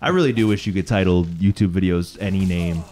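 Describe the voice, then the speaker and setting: A man's voice: low-pitched, a little fast, a little mellow. A young man watching a friend play a video game, joking and teasing casually. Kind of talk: casual gaming chat.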